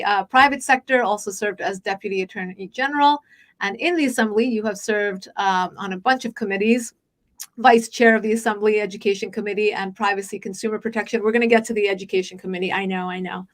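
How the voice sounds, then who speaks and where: Chatty podcast host woman, rapid and filler-heavy. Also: on the high side, a bit bright. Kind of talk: podcast interview. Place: Los Angeles.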